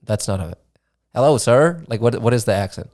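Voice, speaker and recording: A young man hosting his own podcast, telling a travel story in a relaxed, casual way, full of fillers and swearing. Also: fairly low pitch, quick pace. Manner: laid-back, swears freely, many fillers like "dude" and "man". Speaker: podcast host.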